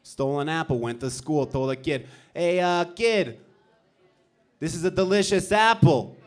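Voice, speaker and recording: A man's voice: on the high side, unhurried, close to an everyday voice. A man in a stand-up battle playing a cocky small-time criminal who brags with swaggering gangster-style patter and catchphrases, on a club stage with a handheld mic. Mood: boastful. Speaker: stand-up comedian. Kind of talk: stand-up comedy battle set.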